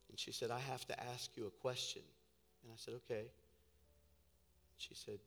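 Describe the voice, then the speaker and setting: A man preaching a sermon as a pastor, telling a story and building to shouting. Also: medium pitch, measured pace, gravelly, long pauses, soft background music. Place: church sanctuary.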